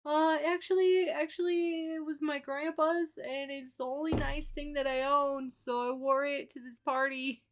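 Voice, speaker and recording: A woman's voice: sits high, fairly even intonation, moderate pace, hardly any pauses, voice pushed up, lightly acted. Woman doing a nervous, clueless little man. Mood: sheepish.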